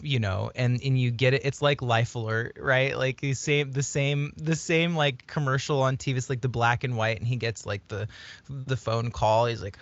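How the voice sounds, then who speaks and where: A man co-hosting a podcast in casual, animated chat, riffing on ideas and now and then jumping into high put-on voices. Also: moderate pace. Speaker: podcast co-host. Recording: dull, dry sound.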